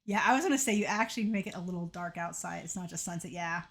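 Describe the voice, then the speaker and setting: A woman giving casual commentary as she plays a game, jokey and self-mocking and quick to laugh. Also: lowish voice, soft background music. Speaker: let's play streamer.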